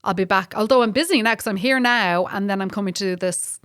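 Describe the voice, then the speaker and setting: A woman's voice: medium pitch, brisk, clear, resonant tone, no echo, clean studio sound. Chatty Irish woman comedian. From Ireland. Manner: chatty, animated storyteller. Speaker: comedian guest. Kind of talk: casual chat.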